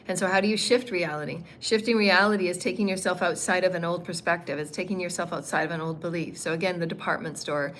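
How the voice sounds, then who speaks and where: A woman with a fairly low, slightly bright voice and fairly even intonation gives a livestreamed spiritual teaching. She meanders, repeats her phrasing, and fills pauses with frequent ums, while a faint hum of noise sits behind her.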